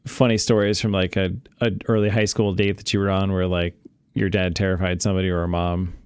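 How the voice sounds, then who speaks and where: A man's voice: low voice, flat delivery, brisk, darkish tone, clean tone, dry recording, clean studio sound. A man who produces and regularly joins a podcast, asking rambling, hesitant questions full of fillers in a casual chat.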